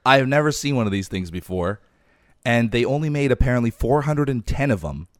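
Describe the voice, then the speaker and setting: A man's voice: mid-range voice, animated, a little fast, dry recording, clean studio sound. A man hosting a podcast, chatting casually about cars and rambling a little with fillers. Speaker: podcast host. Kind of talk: casual car chat.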